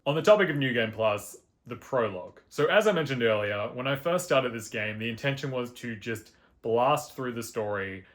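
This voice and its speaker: A man's voice: mid-range voice, lively intonation, moderate pace, hardly any pauses. A man talking through his thoughts on a video game, reflective and enthusiastic, with casual asides. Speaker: gaming video host. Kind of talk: casual game review monologue.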